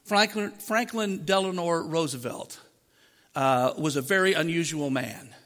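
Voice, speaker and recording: Pastor, male, high-pitched voice, preaches conversationally with rhetorical questions, miked, long hall reverb. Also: unhurried, fairly bright tone. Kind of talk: sermon. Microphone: microphone.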